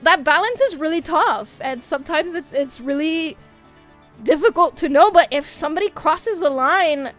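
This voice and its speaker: A woman's voice: high-pitched, lively intonation, moderate pace, fairly bright tone, faint music behind. A woman streamer in casual livestream chat, ranting animatedly with lots of swearing and frequent laughter. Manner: laughs often. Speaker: VTuber streamer.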